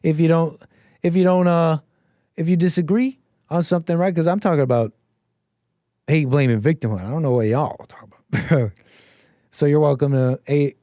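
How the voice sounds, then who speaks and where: A man hosting a talk show, giving sarcastic, mocking commentary on a clip with animated asides. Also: a little high, normal speed, pauses often, dry recording. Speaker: show host.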